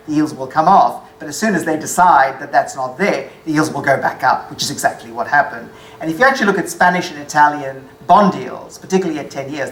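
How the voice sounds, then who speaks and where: A woman's voice: sits low, roomy sound, rough recording. A woman giving a lecture-style presentation from slides, with dry, wry asides, correcting her own figures as she goes.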